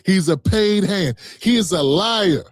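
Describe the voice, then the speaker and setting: A man's voice: sits high, animated, measured pace, no room sound, studio quality. A man streaming a reaction, talking back to a clip in a combative, profane, mocking way. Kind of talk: heated reaction commentary.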